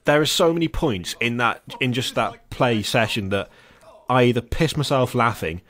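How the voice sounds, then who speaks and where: A man chatting casually with a co-host, rambling through his story with laughs breaking in between phrases. His voice sits at a middle pitch for a man. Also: moderate pace, fairly bright tone. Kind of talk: casual chat.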